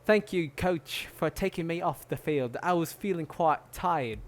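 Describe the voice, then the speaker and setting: A man's voice: a little high, a little slow, pitched above the performer's own voice, lightly acted. A man voicing a posh, prim male English footballer, with an affected upper-class manner.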